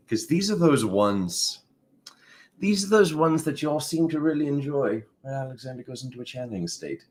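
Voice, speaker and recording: A man's voice: mid-range voice, lively intonation, normal speed. A man hosting a spiritual tarot live stream who has just woken up, chatting playfully and calling out viewers by name. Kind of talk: casual live-stream chat greeting viewers.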